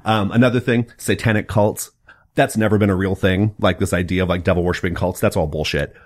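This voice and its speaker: Low-voiced, excitable male podcast host. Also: a little fast. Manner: excitable, profane, gushing with ironic enthusiasm. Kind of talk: casual podcast chat.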